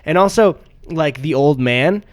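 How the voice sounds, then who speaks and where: A man's voice: fairly high pitch, lively intonation, unhurried. A young man co-hosting a podcast in casual chat, rambling through stories with frequent laughs and swearing. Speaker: podcast co-host.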